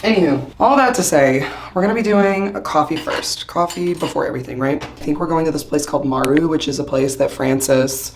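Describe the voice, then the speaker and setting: A woman vlogging casually while getting ready in a hotel bathroom, her voice hoarse from shouting, chatty and rambling with frequent laughs. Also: deep voice, brisk, hardly any pauses, a little hiss or hum. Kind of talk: casual chat to camera.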